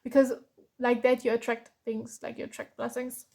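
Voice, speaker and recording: A woman's voice: on the high side, flat delivery, moderate pace, creaky, a little mellow, a little hiss or hum. A woman from Germany giving a tarot reading, tired and openly frustrated, with sighs and frequent restarts. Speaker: tarot reader.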